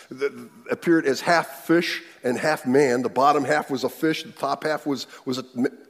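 A man preaching a sermon, animated, his voice leaping up and growing loud when he acts out quotes. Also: mid-range voice, husky, big-room sound. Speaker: pastor.

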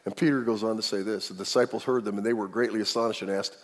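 A man's voice: on the low side, fairly even intonation, fast talker. A man preaching a sermon to a congregation, acting out the people in the story as he tells it. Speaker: pastor. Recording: long hall reverb.

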